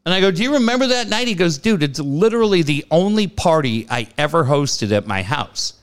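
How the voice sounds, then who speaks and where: A man in his late forties from the San Diego area spins a story in a casual chat, his voice riding up and down across a lively range. He swears freely and throws himself into the quoted voices, and his talk sits a little higher than most men's. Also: a little fast, clear, resonant tone. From San Diego area, California.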